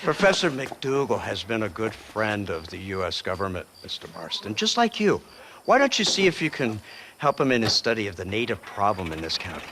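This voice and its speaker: A man's voice: fairly low pitch, very animated, a little fast, noisy background. An actor playing a polished, condescending male government agent in a video game, speaking formally and smugly.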